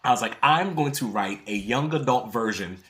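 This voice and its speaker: A man in his thirties tells his story as a podcast guest, his voice sitting at a middle pitch. He is animated and often laughs. He slips into other people's voices when he quotes them. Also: normal speed, slight background noise. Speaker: poet and author guest.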